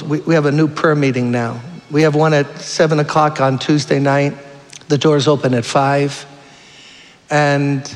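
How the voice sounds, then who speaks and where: Guy preaching hard, pleading with the crowd, a bit high voiced, long echo. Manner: fervent, appealing, storytelling preacher. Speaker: guest preacher. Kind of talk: sermon. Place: church sanctuary.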